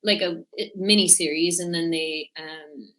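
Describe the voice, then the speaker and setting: An actress answering fan questions in casual chat, telling stories with lots of soft fillers. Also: female voice, lowish voice, steady tone, a little slow. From Netherlands. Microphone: computer or phone mic on a video stream.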